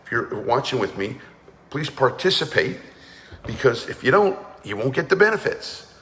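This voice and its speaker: A man's voice: medium pitch, very animated, normal speed, fairly bright tone, big-room sound. A man leading a guided energy and breathing class, talking firmly and urging listeners to join in. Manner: commanding, urges listeners to participate. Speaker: energy awareness coach.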